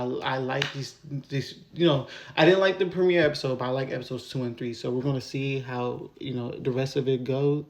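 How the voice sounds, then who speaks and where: A man casually recapping and reviewing a TV episode, rambling with lots of fillers and getting animated when he vents. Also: mid-range voice.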